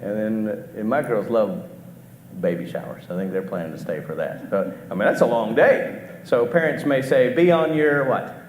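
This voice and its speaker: A man's voice: on the low side, expressive, normal speed. A middle-aged man preaching a conversational sermon, often asking the congregation questions and restarting his sentences. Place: church auditorium. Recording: echoey hall with faint background noise.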